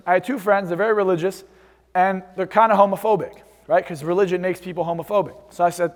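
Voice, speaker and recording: High-voiced young man lecturing in a hall. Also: quick pace. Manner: energetic, boastful, storytelling. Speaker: hypnosis seminar speaker. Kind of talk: live seminar talk to an audience. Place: large hall with a stage. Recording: long hall reverb.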